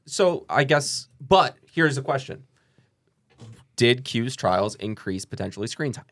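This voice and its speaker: A man in a casual podcast chat, asking questions in a relaxed way. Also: medium pitch, a little slow.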